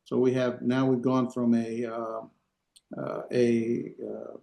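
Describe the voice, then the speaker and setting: Man, instructor, classroom lecture, halting, lots of fillers, roomy echo. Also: medium pitch, monotone, creaky, warm tone. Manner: halting, many fillers, checks in with students. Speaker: Hebrew instructor. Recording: echoey room.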